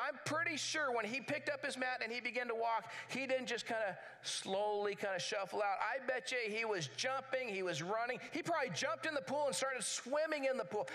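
Male pastor, sermon, high bright voice, lively storyteller. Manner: animated storytelling, conversational.

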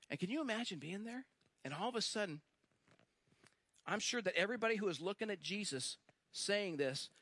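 A man's voice: high voice, animated, bright, forceful tone, no echo. A male pastor preaching a sermon, telling a story with emphatic repetition and acting out the lines he quotes. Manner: emphatic, repeats phrases, slows for stress.

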